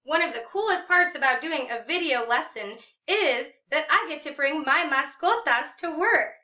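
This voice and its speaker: A woman teaching a video lesson, saying words slowly and with exaggerated, sing-song emphasis for her class to repeat, and praising often. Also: high voice, animated, pushed and bright, muffled recording, slight background noise. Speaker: Spanish teacher.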